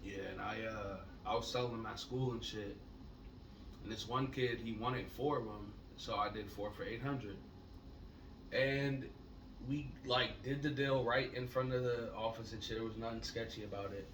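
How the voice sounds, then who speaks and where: A man co-hosting a casual podcast, telling stories in a laid-back, profane way that gets loud when he is excited. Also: medium pitch, moderate pace. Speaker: podcast co-host. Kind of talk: casual storytelling chat. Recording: echoey room, mic at a distance, noisy.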